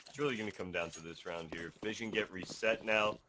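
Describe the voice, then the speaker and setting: A man's voice: lowish voice, fairly quick, sharp tone, slight background noise. A man commentating an esports match, passionate and opinionated.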